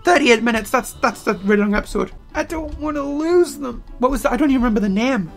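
A man giving casual game commentary while playing, excitable and prone to loud outbursts, his throat getting strained. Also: extremely high pitch, fast, creaky, soft background music. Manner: excitable, bursts into loud yelling. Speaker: let's play gamer.

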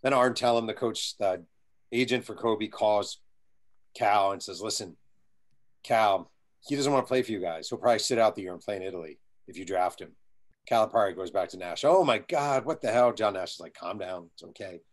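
In this storytelling interview answer, the guest author's fairly low voice moves a little fast. He energetically relates a long anecdote and acts out the people in it.

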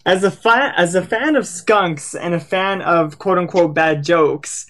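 A woman's voice: lowish voice, a little slow, fairly bright tone. A woman co-host who reads out audience questions in a bubbly, casual way. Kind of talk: casual chat.

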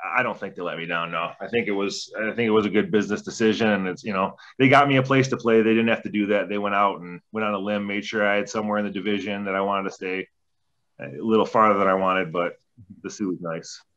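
Swearing, laid-back man with a bright voice. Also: fairly low pitch, steady tone, quick pace. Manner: laid-back, heavy swearing, rambling anecdotes. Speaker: podcast guest, former junior hockey player. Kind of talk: casual storytelling interview. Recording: dull lo-fi podcast audio.

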